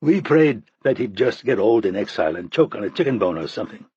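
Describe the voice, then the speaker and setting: A man voicing a stressed CIA Russia chief with a faint Russian accent, agitated and blunt, in a husky voice. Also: on the low side, very animated, quick pace, a little mellow, no echo, muffled recording, exaggerated voice. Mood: grim. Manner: agitated, swearing.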